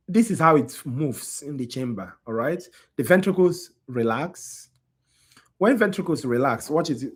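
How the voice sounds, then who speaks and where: A man's voice: medium pitch, husky. A tired man lecturing on anatomy to a class, quizzing his students and often checking whether they understand. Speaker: anatomy instructor.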